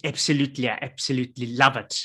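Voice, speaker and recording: A man's voice: medium pitch, steady tone, fast talker, fairly bright tone, breathy edge. A man from England, a podcast guest bantering bluntly and cheekily. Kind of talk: casual chat.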